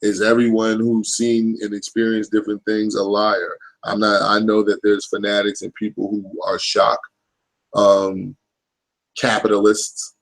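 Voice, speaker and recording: A man in his thirties talks through a casual live stream with a gravelly, fried voice. His pitch sits fairly low. He rambles, swears freely, and keeps checking in with his listeners. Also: monotone, measured pace, low-quality recording. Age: 30s. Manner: rambling, profane, keeps asking "you know what I'm saying". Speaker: livestream host.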